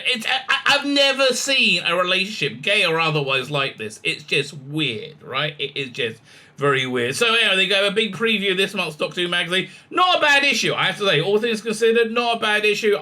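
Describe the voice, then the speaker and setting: A man's voice: high voice, big pitch swings, moderate pace, sharp tone. A man giving sarcastic, scornful commentary in a ranting vlog, stammering through restarts. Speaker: YouTube commentator.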